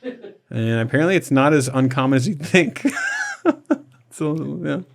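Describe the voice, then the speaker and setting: A man's voice: medium pitch, animated, measured pace, a little hiss or hum. A man hosting a podcast in casual comedic chat, rambling and laughing as he tells a story. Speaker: podcast host.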